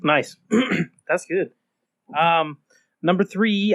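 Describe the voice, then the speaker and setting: Chill young dude on a podcast, kinda high voice, lots of ums, dry sound. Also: male voice, takes it slowly, fairly bright tone, no echo, highs cut off. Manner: laid-back, hesitant with many ums. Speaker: podcast co-host. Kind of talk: casual chat.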